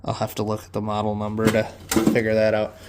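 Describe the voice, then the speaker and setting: A man from Michigan giving a casual walkthrough of his lawn service equipment, talking haltingly with many fillers and self-corrections. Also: lowish voice, completely flat delivery, very noisy.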